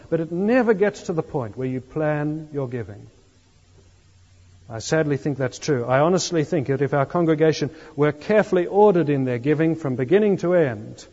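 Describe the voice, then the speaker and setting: A man preaching a sermon as pastor, earnest, with emphatic pauses. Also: on the high side, dark tone, husky. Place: church. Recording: long church reverb, dull lo-fi sound.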